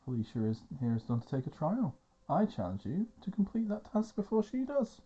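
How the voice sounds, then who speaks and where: A man voicing an earnest male guildmaster, reading his formal lines with measured gravity. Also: fairly high pitch, very animated, dark tone, husky, muffled recording, pitched above the performer's own voice. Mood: grave.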